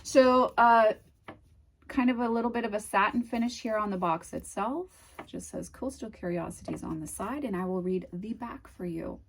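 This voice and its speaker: A woman with a New England accent chatting casually through an unboxing, gushing and dreamy, often trailing off into soft murmurs. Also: mid-range voice, moderate pace, a little hiss or hum. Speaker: tarot video host.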